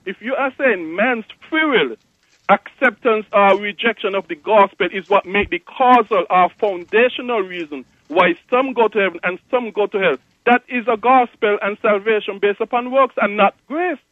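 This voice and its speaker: A man's voice: sits high, moderate pace, few pauses, dry recording, narrow, tinny audio. Persistent male caller on a dry, phone-thin line. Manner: persistent, builds long chains of if-clauses. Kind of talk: call-in theological debate. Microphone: telephone.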